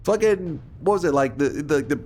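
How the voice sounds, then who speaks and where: A man's voice: fairly high pitch, animated, normal speed, darkish tone, a little hiss or hum. A man in his thirties chatting casually on a livestream, ranting and joking with lots of swearing. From United States. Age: 30s. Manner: ranting, profane and jokey with chat.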